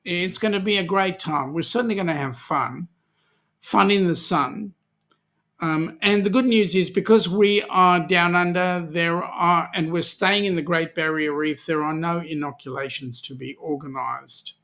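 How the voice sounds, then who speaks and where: A man's voice: fairly high pitch, measured pace, pushed and bright. An Australian man hosting a live chat show, reading out viewer comments and joking around with many ums. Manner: chatty, jokey, many ums. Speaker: host.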